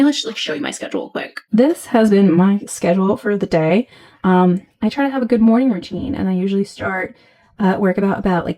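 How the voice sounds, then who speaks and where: A woman talks candidly into her computer camera for a casual vlog. She rambles loosely and swears now and then. Her voice sits at an ordinary middle pitch. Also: darkish tone. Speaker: vlogger, head of social media.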